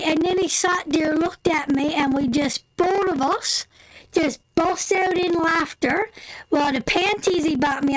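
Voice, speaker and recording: This is a woman with a strikingly high voice telling a story on her live stream. She talks loosely and colloquially, saying "me" instead of "my", with plenty of laughter. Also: poor audio. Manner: animated storyteller, breaks into laughter; colloquial, drops into "me" for "my". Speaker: tarot live-stream host. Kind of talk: casual anecdote telling.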